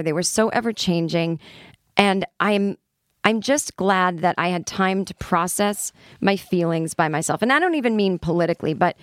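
A woman's voice: mid-range voice, no room sound, studio quality. A middle-aged woman hosting a casual solo podcast, talking candidly and self-deprecatingly, laughing as she reads old notes aloud. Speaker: podcast host.

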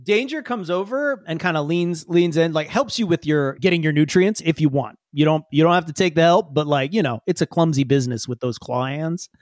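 A man's voice: on the high side, a little fast, few pauses, no room sound, studio quality. A man narrating as the game master of a tabletop role-playing game, laid-back and chatty, with frequent fillers.

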